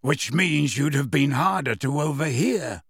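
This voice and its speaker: A man voicing a wry, teasing grown man in an audiobook reading, delivered with lively intonation. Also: a little high, measured pace, slightly rough, dry recording, clean studio sound, heavily acted. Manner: teasing, self-assured.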